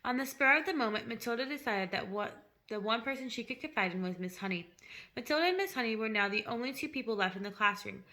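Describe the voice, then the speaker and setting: A woman's voice: on the high side, expressive, fast talker, sharp tone. A woman reading a children's novel aloud chapter by chapter, adding her own explanatory asides. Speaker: storybook reader.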